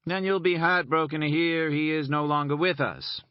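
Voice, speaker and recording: A man's voice: on the high side, steady tone, normal speed, clear, resonant tone, dry recording, pitched above the performer's own voice, natural voice. A man voicing a smug, sarcastic male federal agent with pompous, mocking politeness in an audiobook. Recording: dull lo-fi recording.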